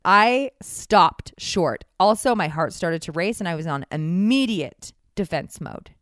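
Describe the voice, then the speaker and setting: A woman's voice: lowish voice, takes it slowly, no echo. Candid young woman telling her own story, wry, with a dry recording. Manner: candid, animated, wry, acts out quoted voices. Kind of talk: personal storytelling monologue.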